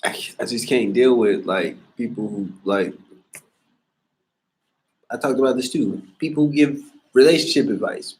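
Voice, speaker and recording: Animated, profane man talking casually. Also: medium pitch, normal speed. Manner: profane, slangy, animated storytelling. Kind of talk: casual monologue.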